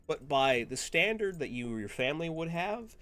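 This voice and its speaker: A man's voice: a little high, sing-song, moderate pace, fairly bright tone, smooth. A man narrating as game master of a tabletop game, rambling with lots of fillers. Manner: rambling, full of fillers and laughs.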